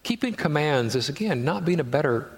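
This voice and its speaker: A man's voice: on the high side, expressive, brisk. A man preaching a sermon as pastor, conversational, with rhetorical questions and acted-out quotes. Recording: long hall reverb.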